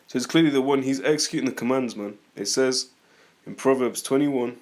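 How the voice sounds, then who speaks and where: A man's voice: medium pitch, fairly quick, a little mellow. A man reading scripture aloud and commenting on it in a loose, argumentative teaching style, speaking straight to his critics. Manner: rambling, conversational, reads scripture aloud then comments; argumentative, addresses critics directly. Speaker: religious teacher. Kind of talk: informal scripture teaching and rebuttal.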